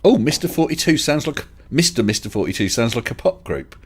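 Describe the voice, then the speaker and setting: A man's voice: mid-range voice, big pitch swings, brisk, slightly rough. A man hosting a casual live stream chat, talking in a hesitant, chatty way with restarts and chuckles. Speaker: livestream host.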